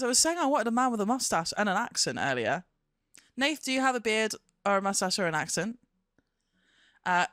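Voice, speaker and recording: A woman's voice: a little high, a bit bright. A chatty woman streamer talks casually to her viewers, giggly and self-mocking. Her voice is close on a streaming microphone and sounds dry, with no room echo. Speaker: live streamer. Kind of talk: casual live-stream chat.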